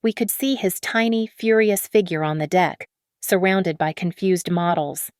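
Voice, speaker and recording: Brief: woman narrator, steady dramatic read, lowish voice, dry close sound. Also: unhurried, dry recording. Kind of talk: scripted story narration.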